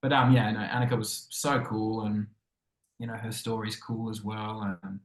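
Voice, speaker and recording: This is a casual storytelling interview with an Australian actor as the guest, whose male voice is lowish and delivered flatly at a moderate pace. He rambles chattily, uses lots of fillers, and performs the lines he quotes, all captured in an echoey room.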